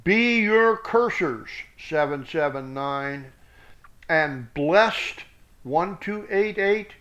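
A man reads scripture word by word, calling out reference numbers and dropping in blunt remarks. His voice is high for a man and his pace is slow and deliberate. The recording sounds dull and lo-fi. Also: lively intonation, a bit bright. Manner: slow, deliberate reading with blunt spoken asides. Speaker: Bible teacher.

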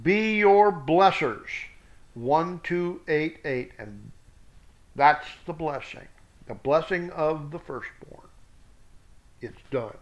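A man's voice: a little high, animated, slow pace, pauses often. A man teaching scripture, reading it word by word with reference numbers and adding blunt spoken asides. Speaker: Bible teacher. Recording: dull lo-fi recording.

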